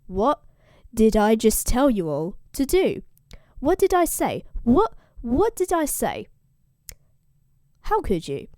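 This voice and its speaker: A woman's voice: medium pitch, animated, slow, a little mellow, no room sound, studio quality. A British woman voicing an exasperated male sea captain, pleading and swearing at his crew.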